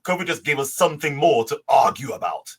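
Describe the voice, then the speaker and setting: A man's voice: medium pitch, big pitch swings, a little fast, fairly bright tone, husky. A man who is a physician, a guest on a podcast, speaking earnestly and with emphasis in casual talk. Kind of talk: casual interview chat.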